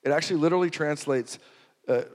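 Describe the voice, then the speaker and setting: A man preaching a sermon, swinging from hushed to loud and repeating phrases for emphasis. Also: fairly high pitch, fast. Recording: long hall reverb.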